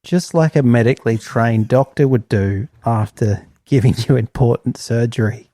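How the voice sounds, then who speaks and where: Man, wry podcast co-host, dry close sound, mid pitch. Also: moderate pace, dark tone, no echo. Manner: wry, riffs sarcastically. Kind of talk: casual comedic chat.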